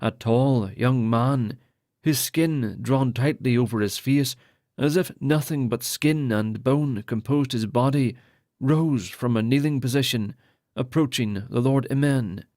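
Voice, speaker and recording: A man narrating a fantasy audiobook in a steady, even reading voice. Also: medium pitch, measured pace, dry recording, studio quality.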